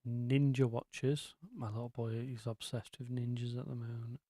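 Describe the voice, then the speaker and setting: A man chats his way through a casual live stream, wandering off on tangents. His voice is mellow and low-key, recorded close and dry with no room sound. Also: level tone, moderate pace, no echo. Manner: rambling, chatty, lots of ums and asides.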